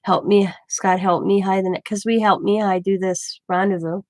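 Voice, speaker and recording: A middle-aged woman at a medium pitch tells a long personal story in a casual, rambling way and acts out each exchange in the dialogue. She is recorded close to the mic in a dry space with no room echo. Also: normal speed. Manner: rambling, animated retelling with quoted dialogue. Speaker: craft channel host.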